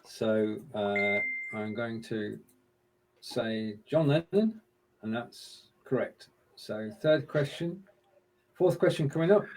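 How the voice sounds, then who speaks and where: A man's voice: medium pitch, slow pace, darkish tone, slight background noise. A man co-hosting a live stream in a casual chat, running a music quiz and fiddling with screen sharing as he talks.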